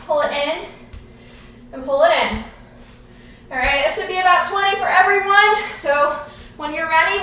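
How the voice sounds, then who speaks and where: A very high, sharp-toned woman encourages her class through a live workout, out of breath from exercising herself. It was recorded by a distant camera in a room with heavy echo.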